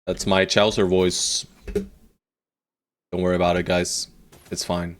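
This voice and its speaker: A man's voice: low-pitched, little pitch movement, a little slow, a little hiss or hum. A man streaming a strategy game live, chatting playfully to viewers and bossing his units around with casual swearing. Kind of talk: live gameplay commentary.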